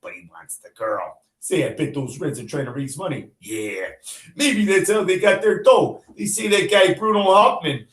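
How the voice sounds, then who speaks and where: A man voicing rough, slangy male newspapermen bantering loudly, read aloud to a class. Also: fairly high pitch, lively intonation, moderate pace, pitched above the performer's own voice. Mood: gruff. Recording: echoey room.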